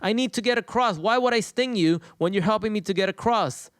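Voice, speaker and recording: A man voicing a sly, smooth-talking male scorpion in a fable, coaxing and contemptuous. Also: high-pitched, expressive, brisk, no room sound, clean studio sound.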